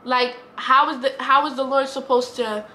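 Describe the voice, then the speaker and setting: A woman's voice: high-pitched, steady tone, normal speed, pushed and bright, slight background noise. A woman, talking earnestly to camera in a rambling, repetitive way. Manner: earnest, rambling, repeats herself. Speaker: vlogger. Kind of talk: heartfelt casual talk to camera.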